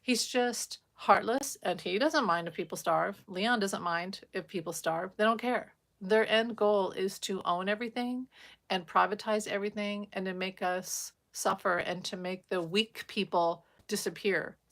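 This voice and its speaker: A woman's voice: medium pitch, unhurried, a bit bright. A woman giving a rambling, emphatic livestream monologue as a spiritual vlogger, talking casually and breaking into short laughs.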